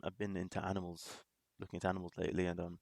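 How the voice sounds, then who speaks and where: Gravelly low-voiced man rambling. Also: monotone, a little mellow, no room sound. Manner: rambling, halting, many restarts and laughs. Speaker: reaction video host. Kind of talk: casual commentary.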